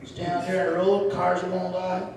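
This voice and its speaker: A man's voice: high-pitched, completely flat delivery, moderate pace, pitched above the performer's own voice, natural voice. A man voicing his wisecracking, rude ventriloquist dummy who heckles with crude quips, on a far mic in an echoing room. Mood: sarcastic. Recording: roomy echo, far mic, noise.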